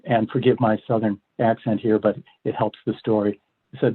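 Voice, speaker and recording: Older male law professor, husky, measured, phone-quality audio. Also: fairly low pitch, level tone. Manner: measured, many fillers and restarts. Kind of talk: explanatory interview talk. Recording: phone-like line.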